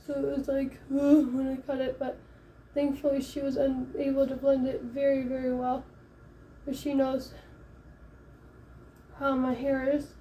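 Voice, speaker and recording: A young woman from Michigan, a first-time mom, casually telling a story in a chatty, animated way, acting out the voices of the people in it. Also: high voice, far from the mic, a little hiss or hum. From Michigan, USA. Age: young adult. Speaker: vlogger. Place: home, late at night.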